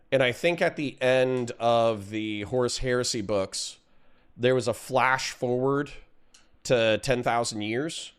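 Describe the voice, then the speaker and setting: A man in his thirties hosts a morning livestream and rambles casually about whatever comes to mind. His voice is smooth and clean, and it sits at an ordinary middle pitch. He drifts loosely from one thought to the next and lets out a yawn every so often. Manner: rambling, chatty, yawning between thoughts. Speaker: streamer.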